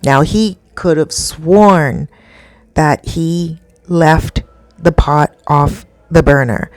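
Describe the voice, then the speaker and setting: A woman telling a spooky story in a chatty, animated way with many asides to the listener. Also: sits low, extremely slow, no room sound.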